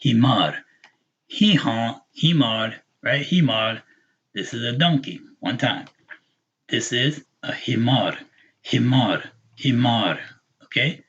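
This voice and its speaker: A man teaching a live online language lesson, patiently repeating words slowly for learners. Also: mid-range voice, a bit bright, slightly rough, lo-fi sound. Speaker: Arabic teacher.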